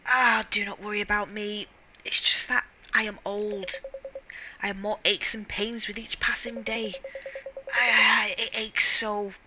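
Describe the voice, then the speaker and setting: A woman's voice: medium pitch, flat delivery, unhurried, noisy background, lightly acted. Woman doing a frail old man, half-whispered. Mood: weary. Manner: weary, groaning, half-whispered. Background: game music.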